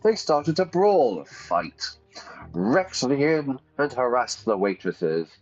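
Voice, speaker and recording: A man's voice: medium pitch, very animated, takes it slowly, darkish tone, highs cut off. A man doing a pompous young noble. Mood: haughty. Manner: pompous, indignant. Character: arrogant young noble man, haughty and scolding.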